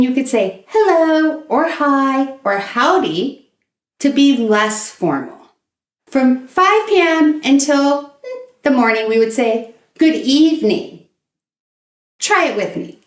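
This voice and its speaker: A woman teaching English at a very slow, deliberate pace. Her voice rises and falls widely as she models greetings for learners to repeat, in a roomy, echoey space. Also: sits high. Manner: patient, drawn-out enunciation, modeling phrases for repetition. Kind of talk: slow, clear instructional video lesson. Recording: echoey room.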